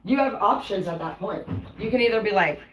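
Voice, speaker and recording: A woman's voice: mid-range voice, lively intonation, brisk, slight background noise, low-quality recording. Blunt, foul-mouthed woman streamer. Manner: profane, blunt and rambling, heavy swearing. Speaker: tarot reader and live streamer. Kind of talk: casual rambling monologue to viewers.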